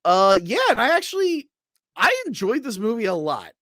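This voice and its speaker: Man with a high voice, podcast host, casual rambling talk, dry close mic. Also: wildly swooping pitch, normal speed, fairly bright tone, no echo. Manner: rambling, with many fillers and restarts. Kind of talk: casual movie review chat.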